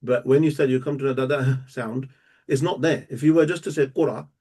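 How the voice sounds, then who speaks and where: A man teaching a live language lesson, explaining step by step and repeating words slowly and patiently. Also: medium pitch, steady tone, warm tone, slightly rough. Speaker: Arabic teacher.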